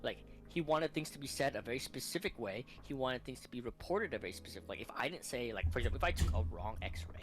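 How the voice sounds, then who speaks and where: A man's voice: medium pitch, lively intonation, quick pace, few pauses, faint music behind. A man streaming casually who rants in a tired voice, swearing freely and often adding "right?". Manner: ranting, profane, tired. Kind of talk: casual chat.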